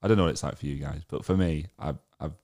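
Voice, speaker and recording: A man's voice: rumbling low, fast, darkish tone. A young man, co-hosting a casual podcast chat, hesitant and full of restarts, laughing easily. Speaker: podcast co-host.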